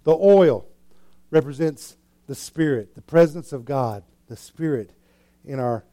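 A male preacher delivers a sermon in a high-pitched, warm, mellow voice. He tells the story dramatically, acting out the characters and shifting between hushed asides and loud, excited bursts. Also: unhurried. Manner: animated storytelling, acting out scenes with swings in loudness.

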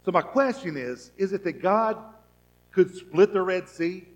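Preaching to his congregation, a pastor with a high voice poses rhetorical questions and acts out people's thoughts, moving from soft to loud. His delivery is animated but unhurried, and the audio sounds dull.

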